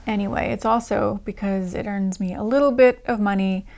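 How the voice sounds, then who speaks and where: A woman's voice: medium pitch, steady tone, normal speed, darkish tone. A woman hosting a diary-reading channel, chatting casually to her viewers in a rambling way. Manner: chatty, rambling with fillers and laughs. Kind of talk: casual chat to camera.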